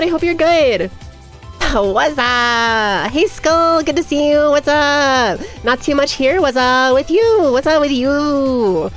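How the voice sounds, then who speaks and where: A young woman chats on her live stream in a rambling, giggly way, her voice sitting a little high and swinging up and down a lot. She drifts into cooing baby talk now and then. Faint music plays behind her. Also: animated, normal speed. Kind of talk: casual live-stream chat.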